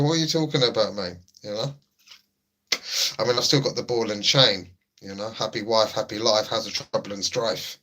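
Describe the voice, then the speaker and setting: A man's voice: on the low side, normal speed, sharp tone. A young man hosting a livestream, chatting casually and joking as he reads out viewer messages. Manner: laid-back, jokey, reads chat aloud. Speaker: livestream host.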